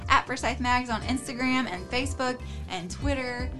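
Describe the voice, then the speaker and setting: A woman's voice: sits high, moderate pace, music in the background. A woman podcast host with a Southern US accent, encouraging her guests as she interviews them.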